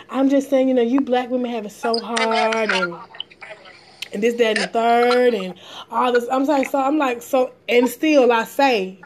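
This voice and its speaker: A woman, a driver telling blunt, animated stories in casual chat, acting out both sides. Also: fairly high pitch, normal speed, background noise. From Atlanta, Georgia area. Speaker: rideshare driver sharing stories.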